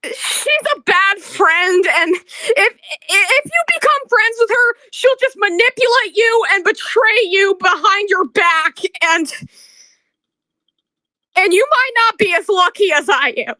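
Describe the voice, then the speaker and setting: A woman with a very high, bright voice delivers a bitter, accusing rant straight to camera. She speaks slowly and stammers over her words. The recording is dry and close. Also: expressive, no echo. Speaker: video creator. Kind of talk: emotional rant vlog.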